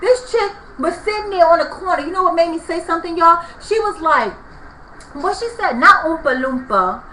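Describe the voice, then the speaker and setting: In a high, pushed, bright voice, the vlogger goes on a heated rant about a street run-in, speaking to "people" and "y'all." The apartment room sounds echoey, with a faint hiss.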